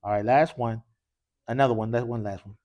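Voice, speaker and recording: A man's voice: medium pitch, steady tone, a little fast, dull audio. A man teaching an Arabic class in a mosque classroom, leading call-and-response drills and quizzing students with casual, encouraging prompts.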